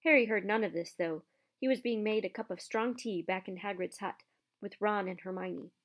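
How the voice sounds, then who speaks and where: A woman narrating a children's novel aloud in a steady, even storytelling voice. Her pitch sits in the middle range for a woman. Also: normal speed. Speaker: audiobook reader.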